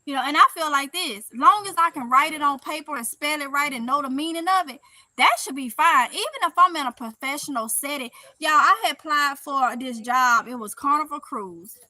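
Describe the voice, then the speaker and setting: A woman with a Mississippi Southern accent chatting casually on a live stream, reading viewer comments aloud, animated and laughing often. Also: high-pitched, fairly quick, no room sound. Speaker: vlogger reading live chat.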